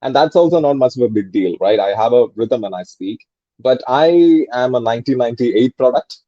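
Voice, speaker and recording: Deep dark-voiced young man, dull call audio. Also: expressive, fairly quick, dry recording. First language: Malayalam. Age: 20s. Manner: opinionated, thinking aloud with frequent fillers and restarts. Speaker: English tutor and soft skills trainer. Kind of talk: casual conversational interview.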